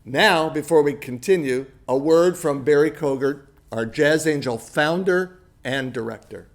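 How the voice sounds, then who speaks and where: A man's voice: a little high, unhurried. A man hosting a fundraiser video, reading an upbeat scripted appeal for donations. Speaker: fundraiser host.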